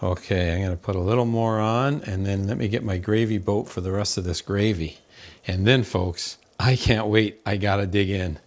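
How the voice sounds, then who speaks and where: A man's voice: lowish voice, fairly even intonation, normal speed. A man hosting a home cooking show from his kitchen, gushing over the food and talking to viewers as folks.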